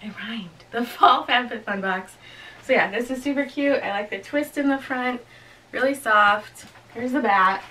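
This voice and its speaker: A woman's voice: fairly high pitch, normal speed, sharp tone, slight background noise, low-quality recording. A young woman chatting casually through a clothing unboxing and try-on, giggling often and talking to herself as she goes. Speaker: vlogger reviewing a clothing box.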